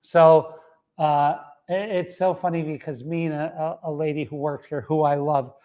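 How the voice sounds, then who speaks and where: A man's voice: on the high side, flat delivery, moderate pace, muffled recording. A middle-aged man giving a motivational talk, emphatic and repetitive, dropping in frequent uh-huh asides. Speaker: wellness center founder giving a talk.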